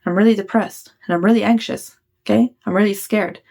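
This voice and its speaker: A woman's voice: medium pitch, steady tone, a little fast, vocal fry, dark tone. A woman giving blunt, casual self-help advice to her viewers, swearing freely and checking in often with "okay?". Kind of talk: casual motivational talk.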